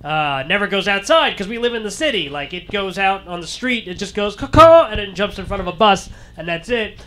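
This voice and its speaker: A man performs a stand-up comedy set in a high, ringing voice. He tells his stories deadpan and acts out each character he quotes. His tone stays bright and forward throughout. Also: a little fast.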